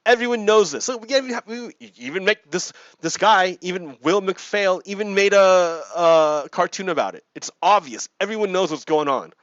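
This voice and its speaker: A man's voice: high voice, expressive, normal speed, hardly any pauses, fairly bright tone, dry recording. A man hosting a gaming video, reading out and explaining politics in a casual, chuckling way, often repeating himself. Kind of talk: casual commentary while playing a game. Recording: dry, dull lo-fi mic.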